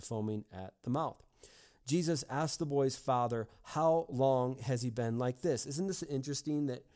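A man's voice: mid-range voice, warm tone. A male pastor giving a devotional sermon, earnest, with frequent repeated words and fillers.

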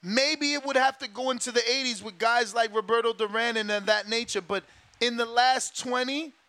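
A man's voice: very high voice, moderate pace, bright, forceful tone, dry recording. A man hosting a boxing talk show, ranting in a casual, emphatic way, swearing and repeating his points. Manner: emphatic, profane, repeats himself.

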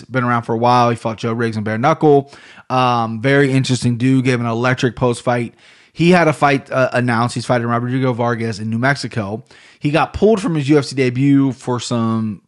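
Laid-back Ohio man hosting a podcast. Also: medium pitch. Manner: rambling, loose and profane. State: low energy. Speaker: podcast host. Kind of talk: casual solo podcast talk. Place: home room.

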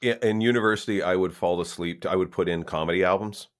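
Wry, low-voiced man telling stories. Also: fast. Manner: wry, anecdotal storyteller. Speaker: podcast co-host. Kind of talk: casual chat.

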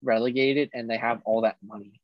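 A man's voice: medium pitch, steady tone, no room sound. A man co-hosting a laid-back sports chat, reading off league tables with plenty of ums and restarts. His voice sits in a middle register. The recording is dry and a bit dull and lo-fi. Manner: reads standings in a halting way with fillers. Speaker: sports podcast co-host.

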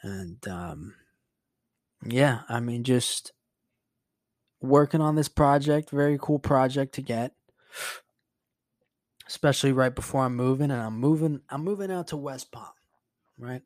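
A man's voice: mid-range voice, unhurried, long pauses, darkish tone. A man hosting a podcast, telling a rambling, profane story in a casual monologue, sounding exasperated. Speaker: podcast host.

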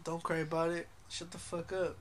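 A man's voice: a little high, monotone, moderate pace, very noisy. A young man, co-hosting a podcast in casual, profane, joking chat and laughing often. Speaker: podcast co-host.

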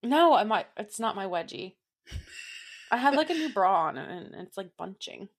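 A woman's voice: medium pitch, very animated, normal speed, husky. A young woman co-hosting a podcast who laughs easily and reacts playfully as she hears the case. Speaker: podcast co-host. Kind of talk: casual true crime chat.

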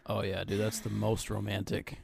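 A man's voice: fairly low pitch, monotone, moderate pace, gravelly, a little mellow. Fields: Sex: man. Role: podcast co-host. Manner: rambling, profane. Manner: rambling, swears freely, laughs easily. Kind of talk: casual chat.

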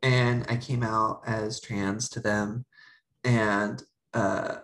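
A woman's voice: a bass voice, drawn-out words, rough recording. A young woman co-hosting a podcast, telling a personal story in casual chat and acting out her family's lines. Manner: animated, acts out family members' voices. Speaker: podcast co-host.

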